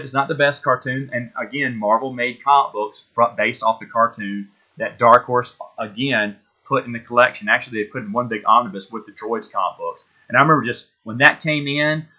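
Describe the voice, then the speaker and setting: A man's voice: medium pitch, highs cut off. Rambling nostalgic man in his forties. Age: 40s. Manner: rambling, nostalgic, full of fillers and restarts. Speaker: podcast host. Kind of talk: casual solo chat.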